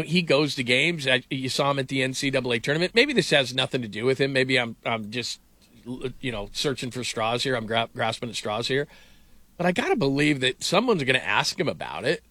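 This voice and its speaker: A middle-aged man hosting casual sports talk, animated and incredulous, rambling with restarts. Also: medium pitch, no echo.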